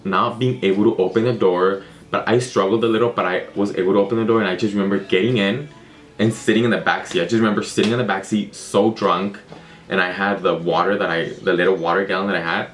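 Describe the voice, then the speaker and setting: A man's voice: on the low side, fairly bright tone. A young man telling a story to camera in a casual, rambling way, with lots of filler words. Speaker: vlogger.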